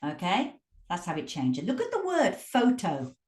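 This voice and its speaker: A woman teaching English pronunciation, drawing out words slowly and stressing syllables to demonstrate. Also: on the low side, distant mic. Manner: slow, drawn-out demonstrative speech with lively emphasis. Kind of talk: pronunciation lesson. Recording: echoey room.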